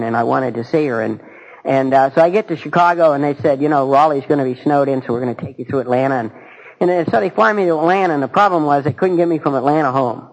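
A man's voice: medium pitch, gravelly, poor audio. A man speaking at a recovery meeting, telling a personal story in an earnest, folksy and candid way.

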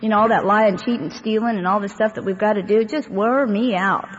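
A woman with a mid-range voice and a fairly quick pace tells her own story to a live audience at a recovery meeting. Her testimony is rambling and conversational, full of fillers and wry humor. The hall recording is dull and echoey, with faint hiss.

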